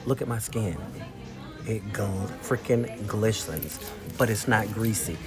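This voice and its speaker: A man chatting casually to camera in a weekly vlog, telling stories and showing off products in an animated, talkative way. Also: fairly low pitch, slow, music in the background. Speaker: vlogger. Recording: noticeable background noise.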